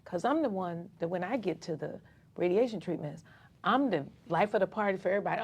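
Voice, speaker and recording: A woman's voice: on the low side, quick pace, husky. A woman from Atlanta, a community activist, telling her own story in a casual interview and acting out the voices of other people. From Atlanta, Georgia. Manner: animated storyteller who acts out dialogue.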